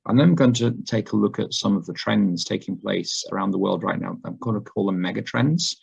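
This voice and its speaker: Hoarse man with a gravelly voice. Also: fairly low pitch, darkish tone. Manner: unhurried, with frequent ums and uhs. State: hoarse, recovering from laryngitis. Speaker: guest speaker. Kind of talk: sermon talk to a congregation. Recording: dull lo-fi recording.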